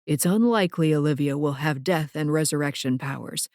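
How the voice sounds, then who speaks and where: A woman reading an audiobook, voicing a calm, steady father who speaks evenly and reassuringly. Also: low voice, fairly quick, no room sound, studio quality, voice pushed down. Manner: even and reassuring.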